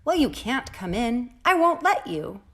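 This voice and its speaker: A woman voicing a fussy little rosebud girl who wants peace and quiet, speaking indignantly in a storybook read-aloud. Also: a little high, sing-song, unhurried, voice pushed up, exaggerated voice. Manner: indignant, emphatic.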